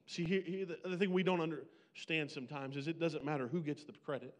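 A man preaching a sermon, swinging between loud, pleading bursts and hushed, slow lines. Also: fairly high pitch, animated, big-room sound. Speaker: pastor.

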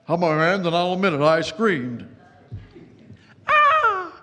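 A man's voice: a little high, expressive, normal speed, a bit bright, big-room sound. A man preaching a sermon, dramatic, with repeated words and sudden bursts of speed. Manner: dramatic preaching with repetitions and sudden pace changes. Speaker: pastor.

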